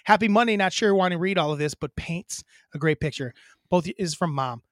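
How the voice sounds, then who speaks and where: A man's voice: high voice, lively intonation, brisk, no echo, clean studio sound. A man co-hosting a podcast in a casual, rambling chat, joking and swearing. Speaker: podcast co-host.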